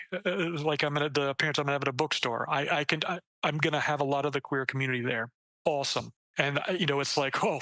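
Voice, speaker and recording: A man with a bright, forceful, somewhat high voice talks casually as an interview guest about his writing. He gets animated, leaps up in pitch when he acts out quoted lines, swears freely and restarts sentences. The sound is dry and close to the mic. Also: no echo, low-quality recording. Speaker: debut author, guest.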